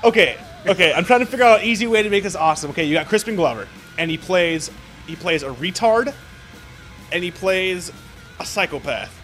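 A man with a notably high voice tumbles through an excitable, profanity-laced movie rant in loose conversation. Faint music plays underneath. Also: brisk. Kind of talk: casual chat.

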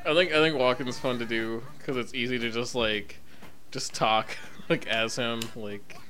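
A man's voice: mid-range voice, fairly even intonation, measured pace, pushed and bright, slight background noise. A young man co-hosting a podcast, chatting casually, swearing and laughing a lot. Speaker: podcast co-host. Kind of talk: casual chat.

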